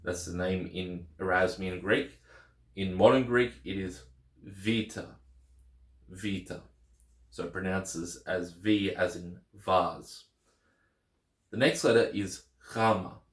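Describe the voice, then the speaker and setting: Slow, deep-voiced man teaching Greek letters. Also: roomy sound. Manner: patient, repeats each letter name slowly. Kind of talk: casual instructional lesson.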